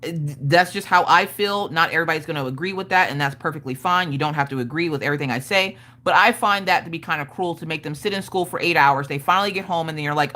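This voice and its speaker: A woman hosting a live stream and chatting casually about parenting, frank and profane, with animated storytelling. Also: low voice, fast talker, few pauses. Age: adult parent of school-age children.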